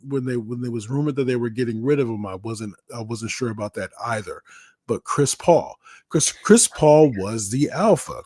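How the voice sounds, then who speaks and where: A man's voice: medium pitch, husky, no echo, clean studio sound. A man in casual sports talk who restarts often and acts out little scenes as he makes his point. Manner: animated, repeats words, acts out little scenes. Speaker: guest sports commentator.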